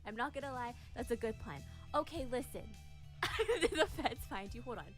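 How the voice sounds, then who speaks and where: Woman streamer with a high voice and faint music under her, casual swearing rant to chat. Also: animated, moderate pace. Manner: swears, greets chat viewers by name, exaggerated anger.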